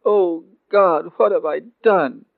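A man's voice: on the low side, normal speed, dry recording, close to an everyday voice. A man playing a remorseful young carpenter, speaking in an anguished, pleading way. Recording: tinny phone-like dry recording.

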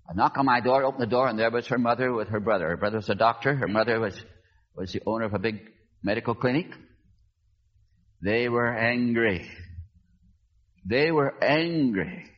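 A man's voice: moderate pace, long pauses, lo-fi sound. A man preaching as a pastor, telling a story dramatically and acting out the voices of the people in it. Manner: dramatic, acts out quoted voices with big pitch swings. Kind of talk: sermon storytelling.

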